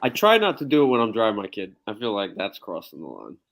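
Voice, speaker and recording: A man's voice: lowish voice, huge pitch swings, fast talker, gravelly, a bit bright. A man co-hosting a podcast, teasing and joking in casual banter. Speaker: podcast co-host.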